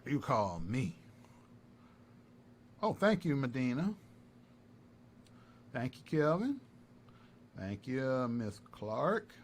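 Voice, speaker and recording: Taunting man, lively pitch swings. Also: takes it slowly, long pauses. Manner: taunting, repetitive, animated. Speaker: live-stream commentator. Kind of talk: heated livestream callout. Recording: faint background noise.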